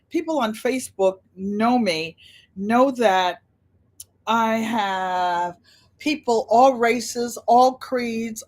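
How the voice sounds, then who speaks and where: An older woman hosts a casual livestream in a chatty storytelling way. She brings people she quotes to life with animated voices. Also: fairly high pitch. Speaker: channel host.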